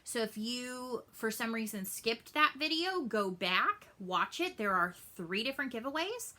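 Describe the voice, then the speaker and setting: A woman, chatting casually in a cross-stitch vlog update and telling stories with lively asides. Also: on the high side, a little slow. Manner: animated storytelling, acts out family voices.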